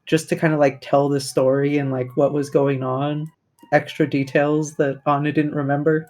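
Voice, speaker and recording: A man's voice: a little high, little pitch movement, normal speed, a little mellow. A man playing a tabletop game, rambling and thinking aloud. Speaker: player. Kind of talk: casual tabletop game talk.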